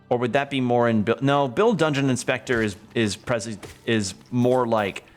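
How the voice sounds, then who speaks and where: A man streaming a game, chatting casually and rambling while he improvises comedy bits aloud. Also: lowish voice. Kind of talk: casual gameplay chat. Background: faint game music.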